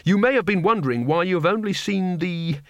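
A man's voice: high voice, fairly quick, fairly bright tone, dry recording, voice pushed up. A man reading an audiobook, voicing a nervous, cowardly wizard who speaks hesitantly, as if working things out aloud. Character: nervous male wizard, cowardly but cunning.

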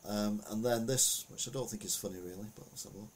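A man's voice: fairly low pitch, fast, a little hiss or hum. A man giving a casual, rambling commentary on the week's news, full of anecdotes and asides.

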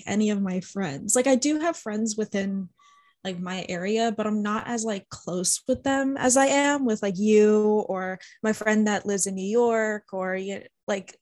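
A woman's voice: medium pitch, darkish tone. A young woman co-hosting a podcast, chatting casually and gushing, laughing often and filling her talk with "like". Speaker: podcast co-host. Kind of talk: casual chat.

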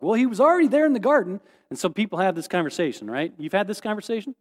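A man preaching a sermon as pastor, lively and animated, acting out quoted voices and putting questions to his listeners. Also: high-pitched, racing, few pauses, in a large hall.

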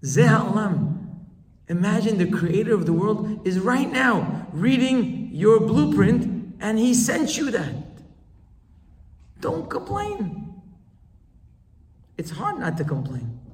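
Guy teaching torah slow and emphatic, fairly high voice, echoey hall, mic kinda far off. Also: a little mellow. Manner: emphatic, repeats key phrases, rises in pitch for stress. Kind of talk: Torah lecture. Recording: roomy hall, voice from a distance.

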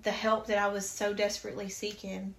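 A woman speaks at an ordinary middle pitch, recounting a personal story in a chatty, earnest way. She leans on fillers and returns often to her faith. The room around her is echoey. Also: monotone, fairly quick. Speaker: podcast guest.

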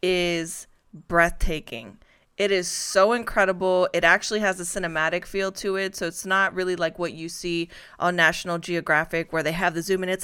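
A woman's voice: on the low side, steady tone, normal speed, a bit bright, clear, resonant tone. A woman hosting a casual talk show, chatty and laughing often as she reads headlines.

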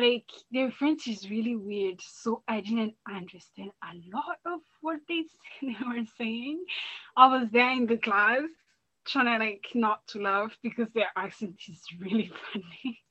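Lively young woman from Burundi, lo-fi. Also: on the high side, moderate pace, no echo. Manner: animated storytelling, laughing often, many restarts. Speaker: guest. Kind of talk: casual interview chat.

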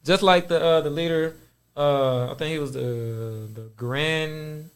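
A man with a somewhat high voice chats casually on a podcast. He talks in a laid-back, slangy way and often trails off into fillers mid-thought. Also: slow pace, clean tone. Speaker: podcast co-host.

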